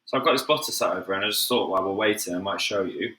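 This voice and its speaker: A bright, lively Mancunian man, a chef chatting to his viewers as he cooks at home. He calls out to them casually and moves around the kitchen as he talks. His somewhat low voice rings in an echoey room, with a faint hum of ambience behind it. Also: very fast. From England. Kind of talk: live cooking stream.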